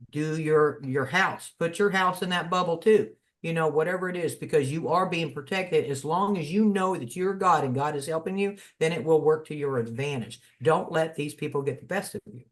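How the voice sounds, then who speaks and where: A man's voice: a little high, normal speed. A man in a casual spiritual chat, folksy and storytelling, slipping into preachy asides. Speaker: spiritual podcast co-host.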